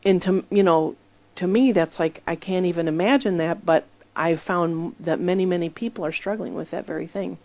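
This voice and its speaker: A woman's voice: fairly low pitch, normal speed, dark tone, no room sound, dull audio. A woman preaching in a conversational sermon style, telling stories emphatically and acting out the voices she quotes.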